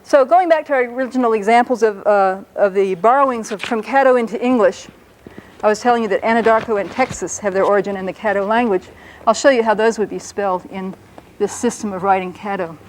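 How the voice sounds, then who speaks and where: A woman lecturing on a language, talking patiently and slowing down to spell out and pronounce each word carefully. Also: mid-range voice, a little hiss or hum, poor audio. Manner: patient, explanatory, slows down to pronounce words carefully. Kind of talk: educational lecture on a public-access show.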